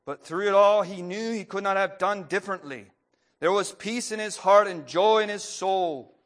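A man preaching a sermon who reads a story aloud, then speaks plainly with pauses and fillers, clearing his throat often. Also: sits high, fairly bright tone.

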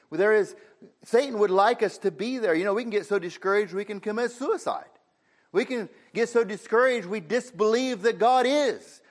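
High-pitched male preacher, casual conversational sermon, audience in the room. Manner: plain conversational preaching, frequent "you know" fillers.

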